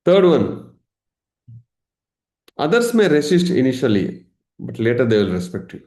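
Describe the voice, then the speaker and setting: Animated meditation coach. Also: male voice, mid-range voice, a little slow, echoey room. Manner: animated, acts out examples, laughs often. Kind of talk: live online teaching session.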